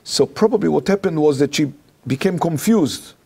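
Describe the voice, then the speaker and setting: A male rabbi with an Israeli accent tells a personal story as an interview guest. His voice sits a little high, gravelly and swooping widely. He speaks slowly, in halting, lively English. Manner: animated storytelling in halting, non-native English. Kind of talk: personal anecdote told in an interview.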